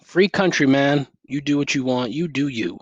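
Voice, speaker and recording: A man's voice: medium pitch, lively intonation, moderate pace, husky, no echo, muffled recording. Swearing over-caffeinated man ranting. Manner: ranting, sarcastic, heavy swearing. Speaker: podcast host. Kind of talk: profane solo rant. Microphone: gaming headset.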